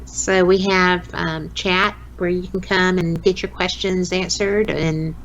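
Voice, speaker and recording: A woman in her late fifties with a Southern US accent, a radio host chatting as a podcast guest, folksy and quick to laugh. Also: lowish voice, steady tone, fairly bright tone, muffled recording, a little hiss or hum. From American South. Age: 50s. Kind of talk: casual interview chat.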